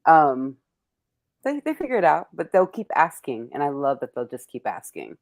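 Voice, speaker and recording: A woman's voice: low voice, sing-song, normal speed, gravelly. A woman hosting a panel chat, encouraging her guests and laughing often. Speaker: host.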